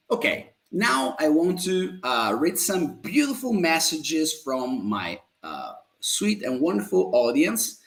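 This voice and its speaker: A man from Italy with an Italian accent, teaching Italian in a live-streamed lesson, repeating phrases slowly and staying upbeat and positive. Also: a little high, wildly swooping pitch, fairly bright tone. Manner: slow, drawn-out model phrases repeated for learners.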